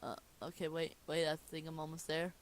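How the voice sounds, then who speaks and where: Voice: medium pitch, level tone, a little fast. A person casually reading a cartoon script aloud, rambling and commenting on their own slips. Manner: rambling, laughing asides, self-commentary. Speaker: script reader.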